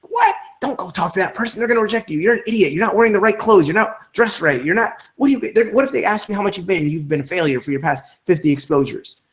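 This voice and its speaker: A man's voice: high voice, animated, fast talker, few pauses, voice pushed up. A man voicing a nagging inner voice of self-doubt that scolds and panics in a frantic, whiny tone. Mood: scolding.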